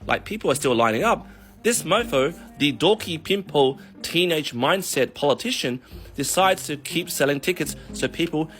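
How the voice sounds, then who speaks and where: Profane, animated man ranting. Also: fairly high pitch, normal speed, soft background music. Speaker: mortgage broker. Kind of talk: casual vlog rant.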